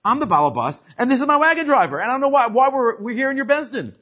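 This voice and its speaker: A man voicing a brazen male wagon driver who insists loudly and indignantly that he is the master. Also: animated, fast, full character voice. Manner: loud, indignant, high-pitched. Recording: muffled lo-fi recording.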